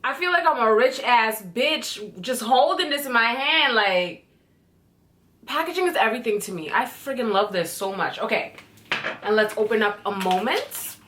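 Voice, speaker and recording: A young woman in her twenties from Canada talking excitedly through a beauty product first-impression vlog, chatty and swearing casually. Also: on the high side, moderate pace, slight background noise. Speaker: beauty vlogger.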